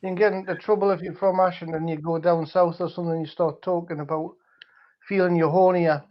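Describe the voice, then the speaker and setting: A man's voice: high-pitched, little pitch movement, quick pace, highs cut off. A man with a Northeast English accent, a guest chatting casually on a livestream with rambling, hesitant speech. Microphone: wireless mic.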